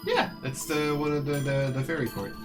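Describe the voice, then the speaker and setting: A man's voice: on the high side, fairly even intonation, brisk, over music. A man joining a stream, chatting casually and joking around. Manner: joking, playful. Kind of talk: casual chat.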